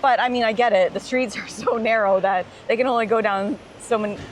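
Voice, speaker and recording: A woman's voice: on the high side, fairly even intonation, brisk. Woman, travel vlog, casual walking chat, outdoors, street traffic noise. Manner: chatty, laughs often. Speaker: travel vlogger.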